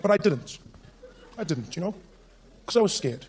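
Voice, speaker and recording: A man with a South African accent doing a stand-up comedy routine on stage, telling animated stories and putting on the voices of people he has met. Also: sits high, moderate pace, long pauses, background noise. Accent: South African English. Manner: animated storytelling, puts on voices of people he meets. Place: comedy stage with a live audience.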